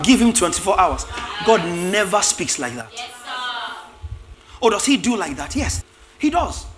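A man preaching a lively sermon, acting out biblical characters with shouts and laughs. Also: high voice.

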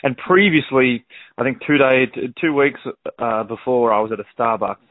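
A man's voice: medium pitch, normal speed, no echo. A man with an Australian accent, telling rambling stories in a casual podcast chat. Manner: laid-back, rambling storyteller with many fillers. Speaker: guest. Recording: dry, phone-like narrow sound.

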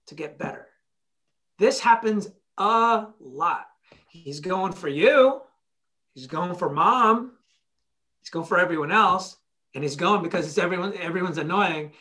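A motivational speaker talking through stories in a podcast chat. The delivery is blunt and animated, voicing both sides of remembered conversations. Casual swearing runs through it. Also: mid-range voice.

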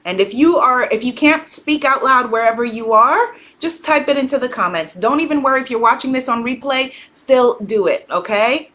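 A woman coaching a live tapping session, calmly guiding listeners and leading phrases for them to repeat, quiet and slow during the tapping rounds. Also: high-pitched. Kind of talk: guided tapping exercise on a live stream.

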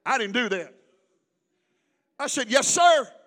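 Man preaching, very high voice, shouting then dropping to a hush. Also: lively intonation, slow, long reverb tail. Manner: preaching, swings from loud shouting to hushed storytelling. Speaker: pastor. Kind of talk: sermon.

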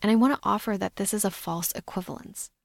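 Measured woman podcast host, dry sound. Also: medium pitch, creaky, dry recording. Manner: measured, reflective, coaching tone. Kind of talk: solo podcast monologue.

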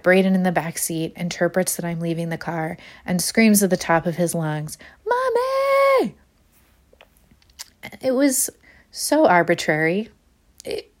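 A woman, hosting a podcast and telling a candid, self-deprecating personal story, laughing often. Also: lowish voice. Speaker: podcast host.

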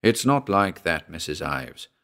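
A man voicing a calm, reasonable small-town doctor who soothes his patient, in a spoken story. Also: low-pitched, unhurried, creaky, full character voice. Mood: reassuring.

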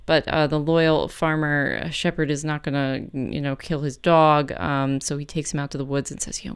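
A woman hosting a music program, casually retelling a folk tale between pieces in a chatty, relaxed way. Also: sits low, moderate pace, hardly any pauses, clear, resonant tone. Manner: chatty, relaxed, with fillers and self-corrections.

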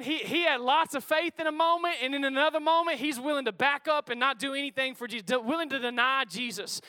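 High, bright-voiced preacher. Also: male voice, clean tone, no room sound. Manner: energetic, conversational preaching with crowd call-outs. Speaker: pastor. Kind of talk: sermon. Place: church auditorium before a congregation.

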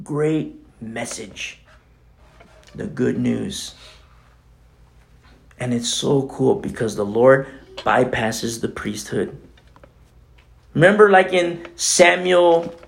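A man's voice: mid-range voice, gravelly. A man preaching a casual, conversational sermon as pastor, often dropping in "you know" and acting out the voices in scripture.

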